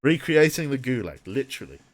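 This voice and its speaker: A man's voice: medium pitch, sing-song, brisk, no echo, studio quality. A man streaming a game, thinking aloud and rambling to himself with many restarts. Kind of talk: casual thinking-aloud gameplay commentary.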